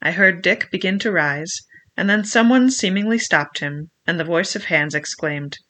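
A narrator giving a measured, literary audiobook reading of a classic novel. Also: medium pitch, pushed and bright.

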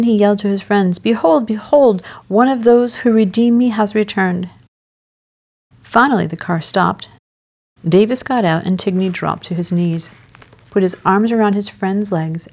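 A woman telling a devotional story as a dramatic sermon, measured and emphatic with a solemn delivery. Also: fairly low pitch, darkish tone.

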